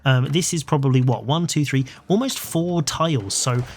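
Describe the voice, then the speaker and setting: Man, London accent, game caster, chatty commentary, medium pitch. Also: moderate pace, a little hiss or hum. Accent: London English. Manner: chatty, laughs often, many "um"s.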